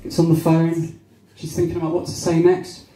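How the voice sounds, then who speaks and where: A man's voice: on the high side, monotone, moderate pace, dark tone. A young man from Devon doing a stand-up comedy set at a small cafe-bar, chatting with the crowd and acting out voices. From Devon, England. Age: young adult. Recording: roomy venue with faint crowd noise.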